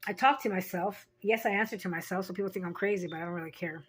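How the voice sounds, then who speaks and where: A woman's voice: on the low side, fast talker, fairly bright tone, breathy edge. A middle-aged woman vlogger telling personal stories in a frank, rambling way. She swears freely and laughs at herself. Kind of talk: candid personal storytelling.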